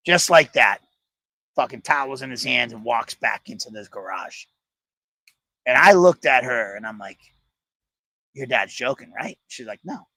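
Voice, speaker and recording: A man with a gravelly, bright edge to his voice recounts stories in a relaxed, profane way. He talks in a casual chat style, often reflective. The sound is close and dry. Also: medium pitch, measured pace, pauses often, no room sound. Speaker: podcast co-host.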